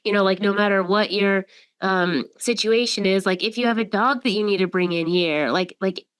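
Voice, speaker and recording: A woman's voice: medium pitch, moderate pace, fairly bright tone, clear, resonant tone. A woman in her forties, a company CEO, speaking reflectively in a casual chat. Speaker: CEO and former legal counsel.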